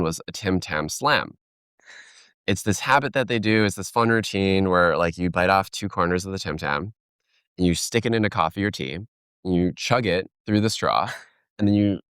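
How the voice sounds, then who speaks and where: A man's voice: sits low, animated, a little fast, a bit bright, clear, resonant tone, no echo, clean studio sound. A man speaking as a keynote speaker in a conversational podcast interview, telling stories animatedly and acting out quoted voices.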